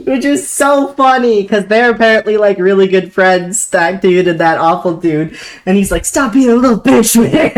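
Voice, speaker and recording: A young woman streamer telling a work story in casual chat, animated, swearing casually and breaking into laughter. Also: fairly high pitch, unhurried, soft background music.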